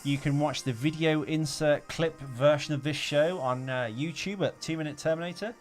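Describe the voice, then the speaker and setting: Halting self-deprecating podcast co-host man. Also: on the high side, soft background music. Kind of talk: casual podcast banter.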